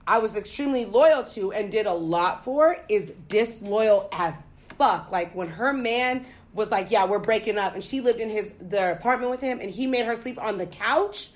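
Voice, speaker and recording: A young woman from the United States telling a story in casual chat, profane and animated. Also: mid-range voice, normal speed, hardly any pauses.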